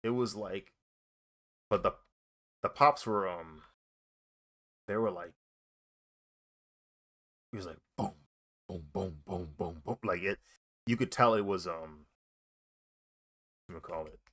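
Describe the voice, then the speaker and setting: A man's voice: low voice, takes it slowly, pauses often, sharp tone. A young man chatting casually and reacting while he draws, slangy and laughing often. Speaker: artist streaming while drawing.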